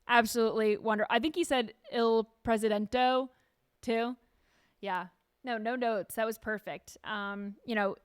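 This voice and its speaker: A woman hosting a casual news commentary show, animated and sarcastic, firing off rhetorical questions. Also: mid-range voice, clean tone, no echo, clean studio sound. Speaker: show host.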